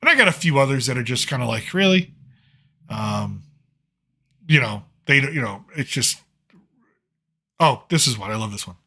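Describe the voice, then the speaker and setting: A man's voice: medium pitch, very animated, normal speed, pauses often, sharp tone, breathy edge. A man hosting a casual late-night monologue, telling rambling, digressive stories and circling back with "so anyways". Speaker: host.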